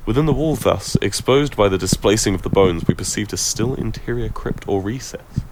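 A man giving a measured, expressive reading of a classic horror story, with occasional stumbles. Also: fairly low pitch, noisy background. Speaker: reader.

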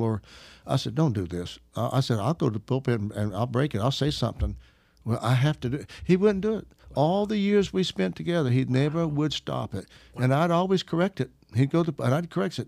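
A man's voice: mid-range voice, lively intonation, a little fast, a little mellow, no room sound. A man from Arkansas telling a story in casual conversation, chuckling as he goes. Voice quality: gravelly, laughs while telling stories.

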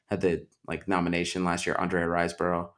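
A man's voice: sits low, completely flat delivery, fast, fairly bright tone. A man hosting a podcast, talking at length in a casual movie discussion, full of likes and restarts. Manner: talkative, many likes and restarts. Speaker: podcast host.

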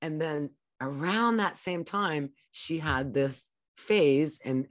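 A woman's voice: deep voice, expressive, slow pace, dry recording, studio quality. A woman co-hosting a podcast who tells anecdotes in casual chat and quotes what she said to her child. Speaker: podcast co-host.

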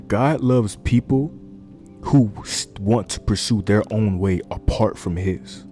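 A man with a deep, warm voice preaches in an earnest, conversational way, circling back and repeating his points. He talks into a close microphone, with faint music playing underneath. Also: slow pace. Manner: earnest, repetitive, conversational with fillers. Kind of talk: informal sermon. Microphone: desk microphone.

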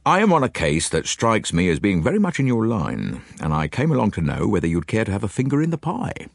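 A man voicing a condescending, persuasive male police inspector who recounts things in a brisk, matter-of-fact way in an audiobook. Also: fairly low pitch, wildly swooping pitch, creaky, no echo, studio quality, full character voice. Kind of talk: audiobook character voice.

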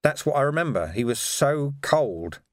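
A man's voice: medium pitch, very animated, moderate pace, dry recording, studio quality, voice pushed up, natural voice. A man voicing a bloodied, weary male watch commander who talks bluntly and with exasperation. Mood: grieving.

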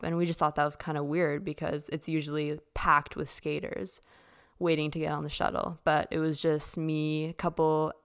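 A woman's voice: deep voice, vocal fry, smooth. A young woman, casually telling stories in a chatty way full of "like" as a podcast host. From Canada. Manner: chatty, with lots of "like". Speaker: figure skater hosting a podcast. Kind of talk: casual storytelling.

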